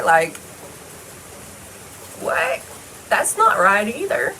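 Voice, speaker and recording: A woman's voice: medium pitch, very animated, normal speed, bright, forceful tone, a little hiss or hum, rough recording. A woman talking straight to the camera in a casual personal monologue, blunt and heavily profane, rambling loosely from one thought to the next. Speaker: vlogger.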